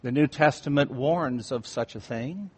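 Slow, deliberate preacher man in a reverberant hall. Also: mid-range voice, a little mellow, breathy edge. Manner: slow and deliberate, dropping to near-whispers for emphasis. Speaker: pastor. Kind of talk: sermon. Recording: long reverb in a large room.

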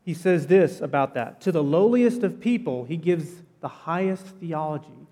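A pastor giving a sermon in a church, telling the story in a conversational, animated way with casual asides. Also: male voice, fairly high pitch, normal speed, in a large hall. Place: church sanctuary.

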